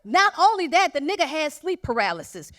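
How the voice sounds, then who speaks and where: A young adult woman delivering a stand-up routine with a fairly high voice. She tells profane, animated stories and slips into quoted voices as she goes. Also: brisk. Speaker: stand-up comedian. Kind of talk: stand-up comedy.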